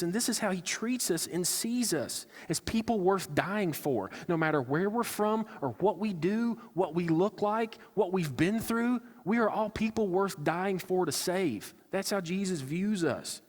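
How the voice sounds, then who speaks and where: A man's voice: high-pitched, lively intonation, a little slow. A male pastor preaching a sermon, earnest and conversational, slipping into acted-out asides. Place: church sanctuary. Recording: church hall with long reverb.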